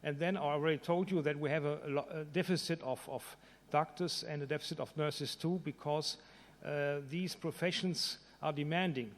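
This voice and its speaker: Man, conference presentation, halting delivery, higher pitch, long hall reverb. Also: steady tone. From Germany. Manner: halting, with many fillers and restarts. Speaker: conference speaker.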